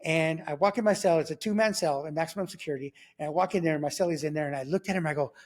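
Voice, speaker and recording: Guy rattling off his life story quick, kinda higher voice, acts out the quotes, keeps going "right?". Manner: animated, acts out his own quoted remarks; conversational, checks in with the listener. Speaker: guest sharing a faith testimony. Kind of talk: casual spoken storytelling.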